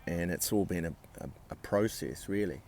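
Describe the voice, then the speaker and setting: A man vlogging, telling a personal story in a blunt, sweary way with halting restarts. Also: low-pitched, a little mellow, no echo.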